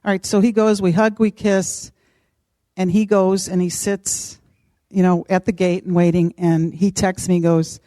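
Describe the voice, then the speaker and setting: A middle-aged woman casually telling a personal story, animated and acting out what others said. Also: lowish voice, unhurried, dry recording. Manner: animated, acts out quoted voices. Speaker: podcast co-host.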